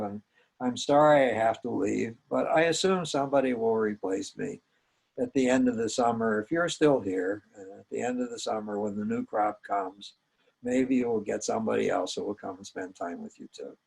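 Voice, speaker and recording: An older man, a psychologist, gently recounting a memory from his training, with small hesitations. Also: mid-range voice, creaky, breathy edge, poor audio. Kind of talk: personal storytelling.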